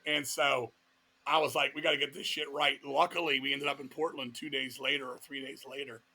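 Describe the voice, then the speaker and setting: Medium in pitch and steady in tone, the voice is husky, pushed and bright. It belongs to a middle-aged man from Virginia, a metal vocalist guest whose fast, profane anecdotes come packed with voiced quotes during animated, casual storytelling.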